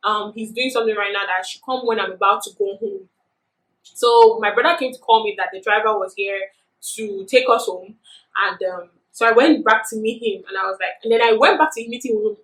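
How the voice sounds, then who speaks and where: A woman's voice: a little high, reverberant, low-quality recording. A young adult woman vlogger telling a personal story in a casual, chatty way with lots of fillers. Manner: chatty, animated retelling with many fillers.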